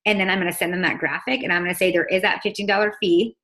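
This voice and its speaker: A woman's voice: on the low side, fairly even intonation, fairly bright tone. Chatty, emphatic young woman coaching. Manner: fast, chatty, emphatic, full of "like" and acted-out quotes. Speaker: team coach on a call. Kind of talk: casual coaching call.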